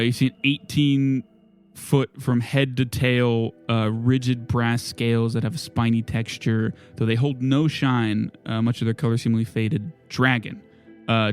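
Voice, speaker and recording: Male game master, mid-pitched voice, rambling scene description, faint music behind. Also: steady tone, normal speed. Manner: loose descriptive narration with many fillers. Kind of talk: narrating a tabletop game.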